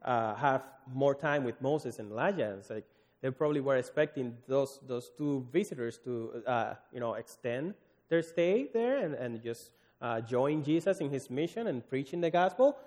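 A man gives a sermon in an echoing hall, his voice sitting in a middle pitch. He talks in an earnest, pleading way, often stopping and restarting his phrases. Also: expressive, moderate pace, a little mellow. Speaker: preacher. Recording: long hall reverb.

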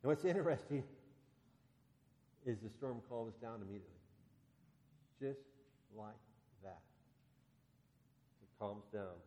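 A man preaching a sermon, retelling a story in a conversational, storytelling way and getting animated when he voices the characters. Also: fairly low pitch, big-room sound.

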